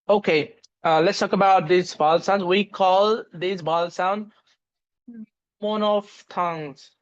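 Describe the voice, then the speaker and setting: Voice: mid-range voice, fairly even intonation, slow. Teacher doing an online english vowel lesson, spells out words, lots of ums, kinda muffled audio. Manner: spells words letter by letter, many fillers. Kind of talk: online lecture.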